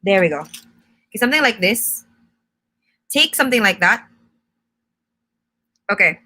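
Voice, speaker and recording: A young woman talks through a makeup tutorial on a live stream. Her voice is crisp and bright at an ordinary pitch. She explains each step in a chatty, instructive way and answers viewer questions as she goes. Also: expressive, measured pace. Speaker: makeup brand host.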